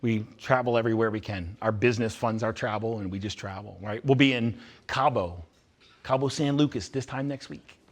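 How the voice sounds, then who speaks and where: A man's voice: lowish voice, fairly quick. Blunt, intense man giving a live talk. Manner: blunt, intense, repeats lines for emphasis. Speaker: speaker at youth retreat. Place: large indoor room with a live audience.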